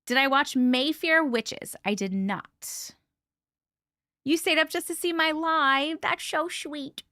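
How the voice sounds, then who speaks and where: A woman's voice: takes it slowly, bright, forceful tone, dry recording, clean studio sound. A woman hosting a casual livestream, chatting and greeting viewers by name with a bubbly, laugh-ready manner. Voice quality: naturally high-pitched voice. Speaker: livestream host.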